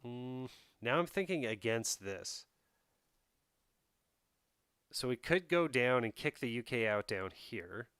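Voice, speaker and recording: Smooth-voiced male game streamer. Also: medium pitch, lively intonation, slow pace, pauses often, fairly bright tone, dry recording, studio quality. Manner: thinks aloud, talks to chat. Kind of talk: casual live-stream commentary while playing a strategy game.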